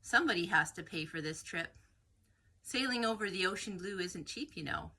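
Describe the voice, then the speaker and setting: A woman's voice: lowish voice, expressive, moderate pace, pushed and bright, breathy edge, exaggerated voice. A woman reading a story aloud, voicing a greedy, scheming male explorer who talks in an offhand way.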